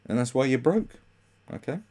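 A man's voice: expressive, moderate pace, warm tone. A British man doing sarcastic commentary on memes, mocking and swearing freely. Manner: mocking, swears, jumps into high mock voices. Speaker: commentary host.

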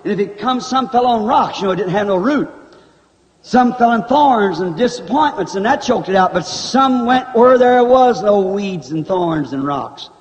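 A man's voice: high-pitched, expressive, normal speed, highs cut off. A man preaching a revival sermon in a fervent, folksy style with country grammar, recorded in a church hall on old tape.

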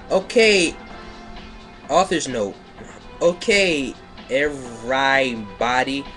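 Slow deadpan man reading fan fiction. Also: mid-range voice, soft background music. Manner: deadpan reading, breaks character to mock the text, laughs. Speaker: comedic reader. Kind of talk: comedic dramatic reading of bad fan fiction. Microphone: home microphone on a livestream.

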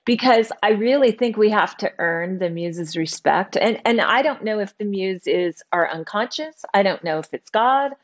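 A middle-aged woman tells a personal story as an interview guest. She is animated and switches into the voices of the people she quotes. Her pitch sits in an ordinary middle range. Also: normal speed, hardly any pauses. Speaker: author and guest.

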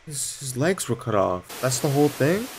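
A young man playing a horror game on his channel, jumpy, swinging between nervous muttering and sudden shouts. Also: medium pitch, sing-song, moderate pace, background noise. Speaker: gaming YouTuber. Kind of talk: horror game let's play commentary.

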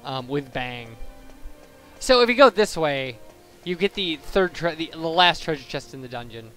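Bright-voiced young man rambling over gameplay. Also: a little high, animated, moderate pace. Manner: rambling, digressive, self-correcting. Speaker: let's play commentator. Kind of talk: casual gameplay commentary. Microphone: boosted home microphone. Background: faint game music.

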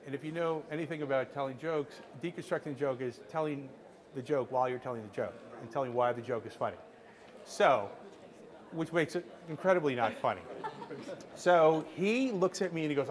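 A middle-aged man telling a lively behind-the-scenes story to a workshop audience, acting out what people said, with frequent restarts. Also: on the high side, brisk. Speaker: screenwriter speaking to a workshop audience. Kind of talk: animated storytelling anecdote.

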